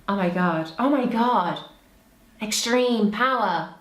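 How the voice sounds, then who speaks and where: A woman's voice: mid-range voice, a little slow. A woman, a vocal coach, chatting casually and exclaiming as she reacts, with frequent laughs. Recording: echoey room.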